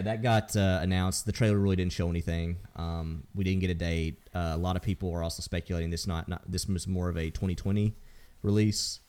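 Man, very low voice, podcast host, casual gaming chat, rambling. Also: a little mellow. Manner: rambling, full of ums and restarts.

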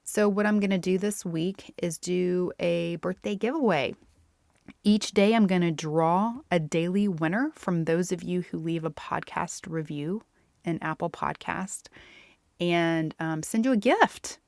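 Woman podcast host, chatty one-on-one delivery, gravelly fry, dry close sound. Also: lowish voice, a little slow, no echo. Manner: chatty, warm-hearted, addresses listener as "my friend". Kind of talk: casual solo podcast monologue.

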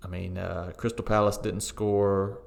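A man with a deep, gravelly voice chats casually about football results. He is opinionated but relaxed, often pausing on "uh" and "um" as he thinks. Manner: relaxed, opinionated, frequent fillers. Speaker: co-host of a football podcast. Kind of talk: casual sports chat.

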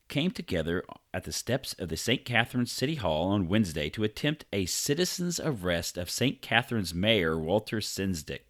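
A man's voice: on the low side, a bit bright. A man co-hosting a casual podcast, reading news stories aloud with jokey asides, tripping over names and swearing as he goes.

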